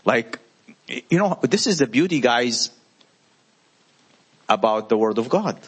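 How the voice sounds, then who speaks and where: A man's voice: medium pitch, animated, takes it slowly, a bit bright, breathy edge. A man teaching the Bible in a conversational way, explaining with everyday examples.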